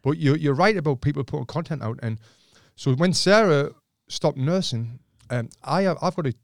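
A man's voice: fairly high pitch, normal speed, vocal fry, no echo, clean studio sound. A man, a podcast guest, telling stories in casual chat, swearing and often restarting his sentences.

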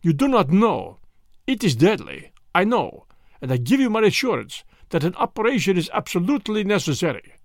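A man's voice: sits high, sing-song, fairly quick, no room sound, clean studio sound. A man playing an urgent, anxious merchant. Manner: urgent, pleading, forceful. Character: anxious, imperious foreign merchant husband.

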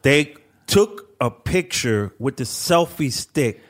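A man's voice: on the high side, animated, takes it slowly. A man chatting as a podcast co-host, blunt and full of slang and swearing. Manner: blunt, profane, street slang. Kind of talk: casual studio podcast chat.

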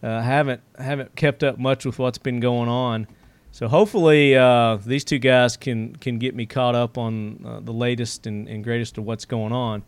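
Smooth-voiced man hosting a podcast. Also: medium pitch, fairly even intonation, normal speed. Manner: rambling storyteller, many fillers, chuckles often. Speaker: podcast host. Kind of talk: casual podcast chat.

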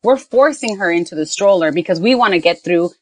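A woman's voice: lowish voice, expressive, brisk, a little mellow, dry recording. A woman on a mom podcast, telling a family story in casual chat and slipping into Spanish phrases. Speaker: podcast co-host, mother.

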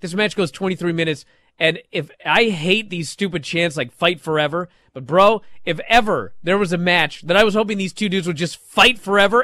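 A man on a podcast, chatting excitedly and acting out moments with shouted yells. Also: high voice, normal speed, no room sound. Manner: animated, acts out moves with shouted yells. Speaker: podcast co-host. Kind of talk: excited wrestling podcast chat. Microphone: studio microphone, close.

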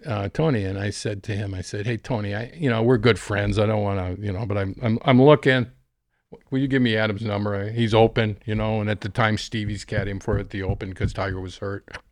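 Laughing, animated man telling stories. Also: on the low side. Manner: animated storyteller, laughs often, acts out quoted voices. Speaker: guest, golf caddie. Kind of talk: storytelling in a casual interview. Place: studio.

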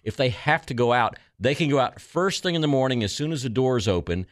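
A man's voice: medium pitch, animated, a little fast, no echo, studio quality. Man hosting morning radio. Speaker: radio show host. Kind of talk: casual morning radio chat.

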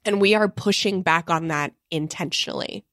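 A woman's voice: lowish voice, normal speed, fairly bright tone, no echo. Earnest woman podcast co-host, dry. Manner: earnest, many fillers like "uh" and "like". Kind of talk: casual podcast chat.

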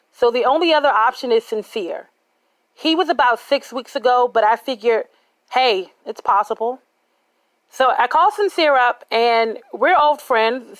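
Woman, personal storytelling, candid, conversational, slightly high voice, dry sound. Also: no room sound, low-quality recording.

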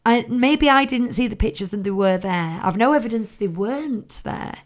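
A woman's voice: a little high, lively intonation, normal speed. A woman co-hosting a fan podcast in casual, chatty talk, laughing and poking fun at herself. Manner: chatty, laughing, self-mocking. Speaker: podcast co-host. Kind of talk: casual chat.

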